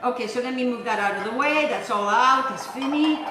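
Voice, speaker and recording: Chatty and playful, an Italian-accented woman hosts a home cooking show, talking to viewers as she cooks in her kitchen. Her fairly high, sharp voice moves a little fast, and the sound is roomy.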